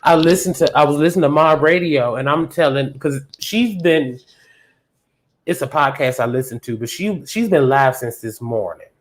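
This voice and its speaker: A woman hosting a live podcast, chatting casually and a little out of breath, with loose slang and animated storytelling. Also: low voice, normal speed, a little hiss or hum. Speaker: podcast host. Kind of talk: casual chat.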